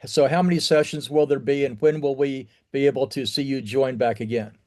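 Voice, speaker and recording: A man's voice: medium pitch, steady tone, a little fast, darkish tone. A man hosting an interview podcast, friendly as he strings his questions together one after another. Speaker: podcast host.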